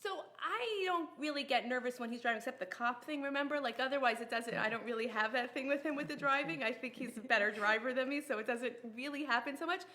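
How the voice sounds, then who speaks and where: A woman telling a story in a relaxed group chat, with a bright, slightly high voice. She laughs often and acts out both sides of the conversation. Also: fast talker, few pauses. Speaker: participant in a women's group discussion.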